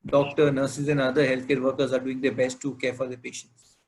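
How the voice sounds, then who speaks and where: Male webinar host, gravelly timbre, formal and measured. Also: mid-range voice, flat delivery, rough recording. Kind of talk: hosting a webinar interview.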